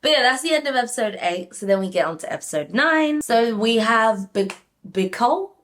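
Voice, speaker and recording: A young woman casually reviewing a reality show, animated and talking straight to her viewers with lots of "like". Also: a little high, a little fast. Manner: animated, frequent "like", addresses viewers. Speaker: reality TV recap YouTuber.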